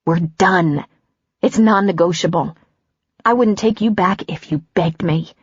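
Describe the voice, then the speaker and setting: A woman's voice: fairly low pitch, a little slow, slightly rough, no echo, highs cut off. A woman narrator voicing a hurt, angry woman doctor who is ending a relationship, her voice raised and bitter. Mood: bitter, wounded.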